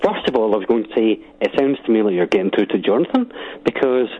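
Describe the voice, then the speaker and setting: A man's voice: fairly low pitch, very animated. A man calling in to a radio phone-in, hesitant and polite, heard over a dull phone line. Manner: hesitant, polite, halting restarts. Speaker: caller. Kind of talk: phone-in chat.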